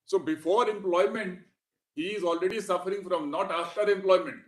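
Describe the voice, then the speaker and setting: A man's voice: high voice, brisk. A man arguing a case before judges, deferential and repeatedly addressing the bench as "my lord". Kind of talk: courtroom argument. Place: large courtroom. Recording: roomy courtroom audio.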